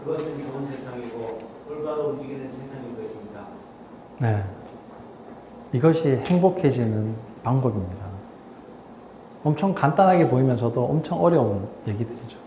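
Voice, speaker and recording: A man's voice: medium pitch, animated, rapid-fire, dark tone, slight background noise. A man giving a lecture at a medical forum, reading a passage aloud and then explaining it with rhetorical questions. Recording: lecture hall, echoey and distant.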